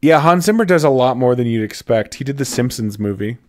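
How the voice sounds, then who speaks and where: A man's voice: mid-range voice, expressive, brisk, darkish tone. A man co-hosting a comedy film podcast in casual chat, playful and riffing. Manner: playful, riffs and repeats phrases. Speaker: podcast co-host.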